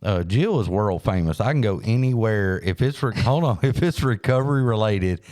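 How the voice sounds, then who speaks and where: A man, hosting a podcast and telling a story in a folksy, animated way. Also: on the low side, normal speed. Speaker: podcast host. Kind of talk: casual storytelling chat.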